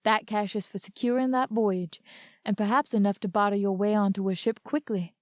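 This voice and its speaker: Lady doing a kindly town doctor, slow and earnest, storybook voice, dry. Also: medium pitch, fairly even intonation, no room sound, natural voice.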